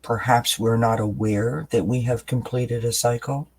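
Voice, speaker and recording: A man doing a tarot card reading for his channel, explaining each card in a calm, unhurried way with pauses and fillers. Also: mid-range voice, rough recording. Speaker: tarot reader.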